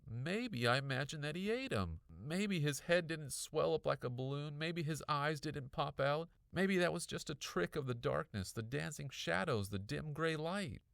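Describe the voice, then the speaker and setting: A man reading a children's story aloud, narrating in a lively, expressive manner. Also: a little high, normal speed, gravelly, few pauses, no echo, studio quality. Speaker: audiobook reader.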